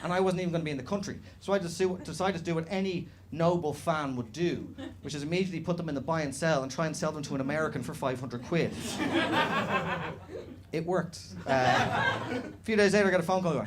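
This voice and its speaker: A young Dublin man with a Dublin Irish accent, doing animated, sweary, self-mocking stand-up storytelling live on stage. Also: fairly high pitch, fast, a little hiss or hum. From Dublin, Ireland. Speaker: stand-up comedian. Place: comedy club stage, live audience. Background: faint room ambience, audience laughter.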